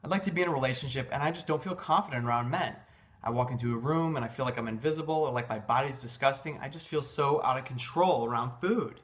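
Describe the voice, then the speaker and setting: A man reading aloud the lines of a confiding female prospect at a quick, plain pace, in his own voice. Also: medium pitch, fairly bright tone, lightly acted. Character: calm female weight-loss prospect, confiding.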